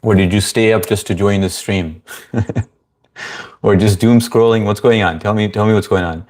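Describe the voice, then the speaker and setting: Brief: male livestream host, lowish voice, easygoing chat, reads comments and greets viewers. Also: steady tone, normal speed, a little mellow. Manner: easygoing, greets viewers by name, frequent fillers.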